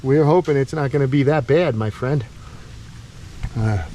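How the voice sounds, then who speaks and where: A man of middle pitch chats in a relaxed, friendly way while he walks around an outdoor animal camp. He often stops to coo affectionately at his animals. Faint outdoor ambience sits behind his voice. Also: measured pace, long pauses, background noise. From Florida. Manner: chatty, talks fondly to his animals. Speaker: animal caretaker and vlogger. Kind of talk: casual walk-and-talk vlog.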